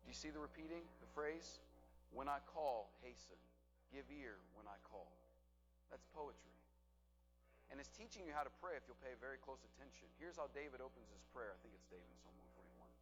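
A man's voice: mid-range voice, expressive, brisk, fairly bright tone, faint music behind, low-quality recording. A man teaching a Bible study to a group, asking them questions and repeating back their answers.

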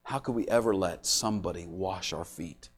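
A man preaching a sermon, swinging between loud, intense passages and quiet, hushed lines. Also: sits low, moderate pace, breathy edge. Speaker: pastor.

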